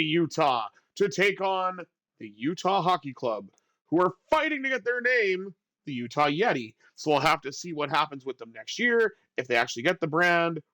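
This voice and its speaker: A man hosting a video game channel, giving excitable play-by-play commentary that jumps up on big plays. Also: on the high side, dry recording.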